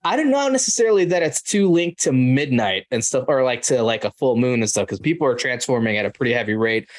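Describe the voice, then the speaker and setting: A man hosting a casual film podcast, talking in an animated way and saying "dude" and "like" often. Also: mid-range voice, fast talker. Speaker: podcast host. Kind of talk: casual chat.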